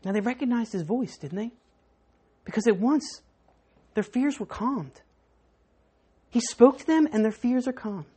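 A woman preacher delivers a sermon through vivid storytelling. Her voice is husky and breathy. She swings from hushed to soaring as she presses her points home. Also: on the high side, unhurried, long pauses. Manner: animated storytelling with dramatic swings.

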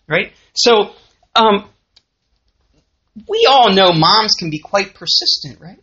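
Lively Southern woman teaching a church class. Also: mid-range voice, normal speed. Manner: lively, conversational, asks the audience questions. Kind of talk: sermon. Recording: muffled lo-fi recording.

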